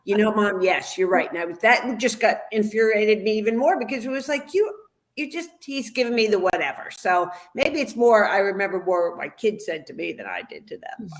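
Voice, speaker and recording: A woman's voice: mid-range voice, lively intonation, fairly quick. A middle-aged woman in a casual chat, wryly retelling how her sons answered her. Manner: wry, quoting her kids.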